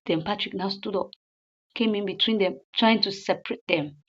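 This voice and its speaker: Woman, casual chatty recap, mid pitch, lo-fi recording. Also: normal speed. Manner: chatty, with many fillers and restarts. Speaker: reviewer recapping a comedy episode.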